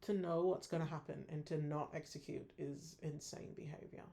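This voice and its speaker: A woman's voice: sits low, fairly even intonation, normal speed, creaky, dark tone. A woman trader going over her own week of trades, scolding herself bluntly in a frustrated tone and swearing casually. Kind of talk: casual weekly trade review.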